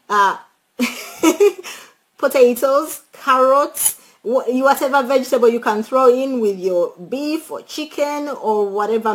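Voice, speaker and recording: A chatty woman talks through travel tips in a loose, animated way. Her voice sits a little high for a woman. She laughs often and speaks straight to her viewers as if they were friends. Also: poor audio. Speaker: travel vlogger. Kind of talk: casual travel tips chat.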